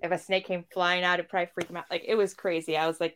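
A woman's voice: lowish voice, flat delivery, racing, fairly bright tone, smooth. A woman co-hosting a casual chat, talkative and laughing often. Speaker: podcast co-host.

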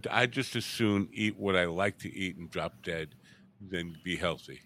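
A man's voice: low voice, moderate pace, fairly bright tone. A middle-aged man hosting a casual chat show, teasing his guest and joking gloomily about himself. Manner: teasing, gloomy and self-mocking. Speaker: show host.

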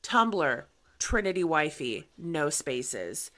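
A woman's voice: deep voice, sing-song, slow pace, fairly bright tone. A young woman co-hosting a podcast, laid-back and spelling out her handles. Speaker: podcast co-host. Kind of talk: casual podcast chat.

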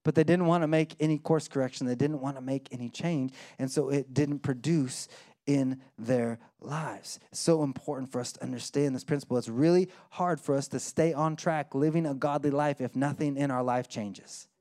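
A pastor, likely in his thirties or forties, preaching and telling a story, acting out voices and dropping low and quiet for serious points. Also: normal speed. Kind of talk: sermon with storytelling.

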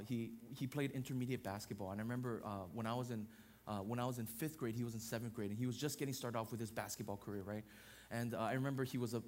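A man's voice: mid-range voice, a little mellow. A man in his thirties preaching a sermon as pastor, emphatic, building points through repeated parallel phrases.

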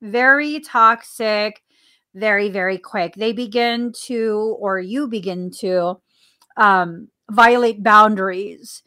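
A woman's voice: mid-range voice, fairly even intonation, slow, bright, forceful tone. A woman hosting a casual spiritual podcast, talking earnestly and repeating phrases for emphasis. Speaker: podcast host. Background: coffee sips between remarks.

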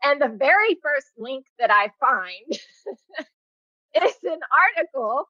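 A woman's voice: sits high, slow pace, no room sound, dull audio. A woman hosting a podcast, chatting casually with her guest and laughing often. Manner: laughs often, animated and teasing. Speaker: podcast host. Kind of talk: casual interview chat.

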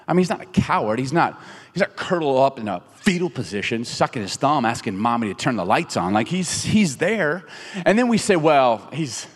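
A middle-aged man, a pastor, telling a funny story in a sermon, animated and self-mocking. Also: mid-range voice, brisk. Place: church auditorium stage. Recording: reverberant hall.

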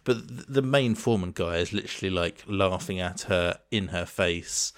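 Man, very deep voice, opinionated, long searching sentences, casual co-host chat. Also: normal speed. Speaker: podcast co-host.

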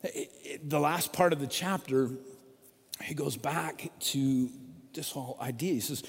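A man preaching a sermon in a conversational, storytelling way, dropping from loud emphasis to hushed, quiet lines. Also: on the high side, measured pace, husky. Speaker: pastor. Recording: long reverb of a large hall.

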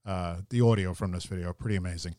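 A man hosting a podcast, talking in a relaxed way with many fillers. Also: low voice, fast talker, dry recording, studio quality. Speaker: podcast host. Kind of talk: casual podcast chat.

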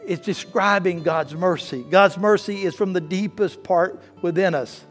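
A man preaching a sermon as pastor, swinging from hushed, slow lines to loud, fervent ones. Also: sits high. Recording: faint guitar music behind. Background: soft guitar playing.

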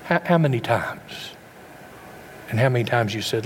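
Folksy middle-aged preacher. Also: male voice, medium pitch, animated, normal speed, breathy edge. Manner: folksy, rhetorical questions to the congregation. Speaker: pastor. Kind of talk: sermon.

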